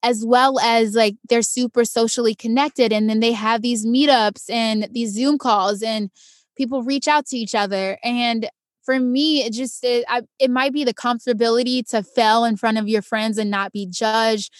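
A woman's voice: on the high side, moderate pace, no room sound, clean studio sound. A young adult woman, an actor, talking casually as an interview guest and bringing her stories to life by acting out quoted voices. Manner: animated storyteller, acts out quoted voices.

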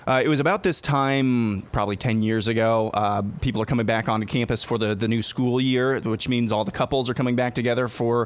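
Man, radio co-host, plain steady anecdote, mid-pitched voice. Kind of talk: casual storytelling.

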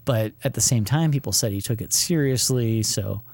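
A man's voice: medium pitch, normal speed, darkish tone, no room sound. Hesitant man chatting casually. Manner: hesitant, many restarts and fillers. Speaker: podcast co-host. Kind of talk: casual chat.

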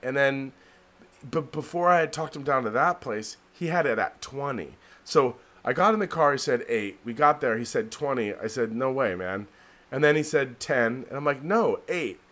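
A man's voice: medium pitch, moderate pace, fairly bright tone. A man hosting a casual podcast chat, rambling and heavy on fillers as he tells stories. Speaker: podcast host. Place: New York City.

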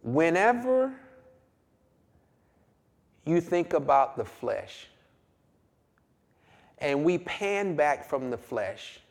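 Slow, animated preacher in a reverberant hall. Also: male voice, on the high side. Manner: emphatic, drawn-out, storytelling. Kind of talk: sermon.

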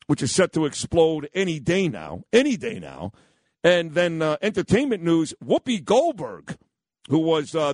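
A man's voice: a little high, no room sound, studio quality. A man hosting a radio talk show, telling stories and giving blunt, rambling opinions. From New York. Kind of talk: storytelling and opinionated chat. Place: radio studio.

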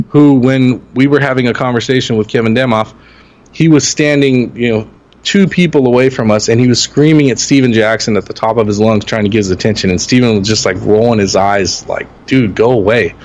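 A man in easy podcast conversation, his voice sitting in an ordinary middle register. He tells stories with energy, jumping up in pitch when he acts out what people said. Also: fairly quick. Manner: animated, acts out quotes in raised voice. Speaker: podcast co-host. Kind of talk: casual storytelling chat.

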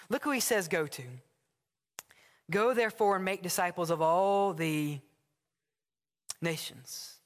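A man's voice: sits high, measured pace, long pauses. Man preaching a sermon in a reverberant church. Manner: animated storytelling with acted dialogue. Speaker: pastor. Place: church sanctuary. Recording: long hall reverb.

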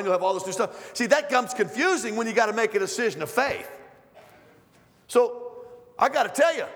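Man preaching with a high voice in a reverberant hall. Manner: conversational, storytelling, rising to loud emphatic preaching. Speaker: guest preacher. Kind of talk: sermon. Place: church sanctuary.

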